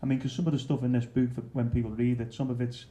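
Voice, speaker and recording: A man's voice: mid-range voice, little pitch movement, quick pace, warm tone. A man hosting a book event Q&A, asking rambling, hesitant questions with fillers. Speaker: event host. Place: bookshop event room.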